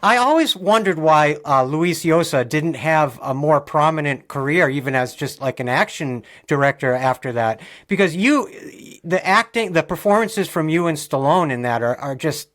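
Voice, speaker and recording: A man's voice: on the high side, expressive, moderate pace, few pauses, a bit bright. A male podcast host in a casual interview, gushing with enthusiastic praise.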